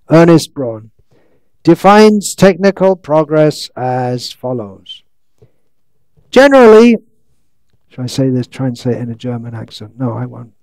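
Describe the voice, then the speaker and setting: A man giving a scriptural lecture, reading out quotes slowly and breaking into sarcastic, ironic asides. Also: mid-range voice, a little mellow, no room sound. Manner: reads quotes slowly, stretches words. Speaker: monk lecturer. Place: lecture hall in India.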